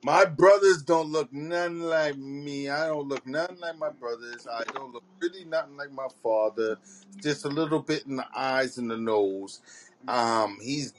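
A man's voice: mid-range voice, moderate pace, crowd noise, rough recording. A man chatting casually and joking, laughing through his stories while out on a walk. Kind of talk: casual chat. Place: outdoors on a walk. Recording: faint background noise.

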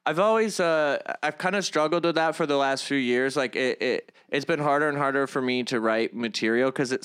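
A young man with a smooth, clean voice speaks as a guest in a relaxed interview. He talks earnestly, stumbling and restarting as he works through his thoughts, and leans on a lot of fillers along the way. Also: medium pitch. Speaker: guest, comedian and activist vlogger. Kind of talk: conversational interview.

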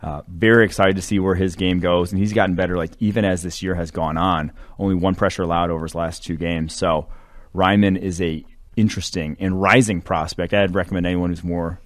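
A man's voice: low voice, steady tone, a little fast. A man co-hosting a sports podcast, breaking down draft prospects in loose, rambling talk with lots of fillers. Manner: rambling, filler-heavy analysis. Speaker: co-host. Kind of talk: casual sports podcast chat.

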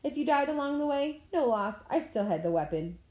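A woman's voice: sits high, very animated, a little fast, darkish tone, pitched above the performer's own voice. A woman reading aloud, voicing a brash, mocking male war god in a roomy-sounding recording. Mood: taunting. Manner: swaggering, taunting. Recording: roomy echo.

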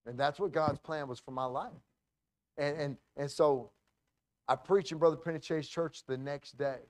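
A man pastor telling a story in a sermon, animated and full of restarts and acted-out quotes. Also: fairly high pitch, moderate pace, dry recording.

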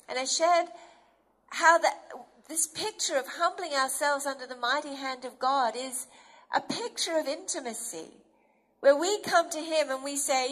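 A woman with a high voice preaching a sermon. She speaks tenderly and with deep feeling, and her voice sometimes breaks with emotion. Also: a little slow, a bit bright, low-quality recording.

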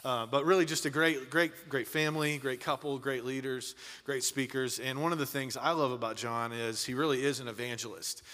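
A man's voice: mid-range voice, steady tone, fairly quick, hardly any pauses, bright, forceful tone. A man, a church pastor, introducing a guest speaker with effusive praise. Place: church hall. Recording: long church hall reverb.

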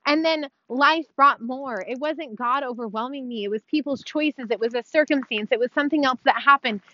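A woman's voice: high voice, moderate pace, sharp tone, no room sound, lo-fi sound. A woman telling her own story of abuse and recovery in a heartfelt monologue, earnest and emotional, talking straight to her viewers with small laughs. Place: outdoors on a dirt road.

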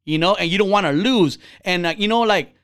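A man in his thirties chats casually, telling blunt, profanity-heavy stories at a brisk, smooth clip. He acts out the people he quotes with big jumps in pitch. The recording is dry and studio quality.

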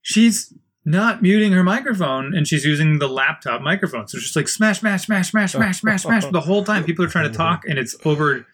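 A man's voice: sits high, expressive, fairly quick, fairly bright tone, slightly rough. A man in a casual chat who tells stories with animation and acts out other people's voices, and sits on a town committee.

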